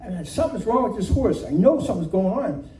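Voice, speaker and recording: A man telling a comic true story at a live storytelling night, animated and self-mocking, often laughing as he talks. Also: high voice, fast. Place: community center room. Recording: echoey room from far off, faint noise.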